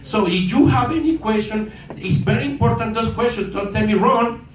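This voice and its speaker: A man's voice: sits high, normal speed, soft background music. Far-off man addressing an echoey room. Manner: animated, asks the audience for answers, broken English. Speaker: motivational speaker at a sales meeting. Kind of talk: motivational talk to an audience.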